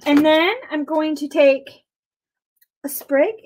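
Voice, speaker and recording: Brief: chatty, giggly woman with a high, bright voice, casual live-stream co-host. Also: fairly even intonation, takes it slowly. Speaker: co-host making cocktails.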